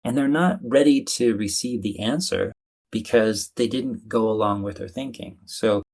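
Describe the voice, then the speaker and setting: A low-pitched man, talking through ideas in an animated, conversational manner. He explains things plainly and sometimes acts out what other people say. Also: moderate pace. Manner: animated, playfully acts out quoted voices. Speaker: guest, communication coach. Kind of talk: conversational interview.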